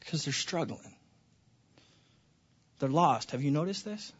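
A man preaching a sermon to his congregation, passionate, dropping to hushed tones and then rising to near-shouts. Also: a little high, animated, a little slow, slightly rough, muffled recording. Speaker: pastor.

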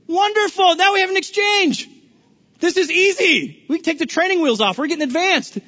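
A man preaching a sermon as a pastor, animated and playful, often stammering and restarting his sentences. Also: very high-pitched, moderate pace. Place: large church hall. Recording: dull lo-fi recording with long hall reverb.

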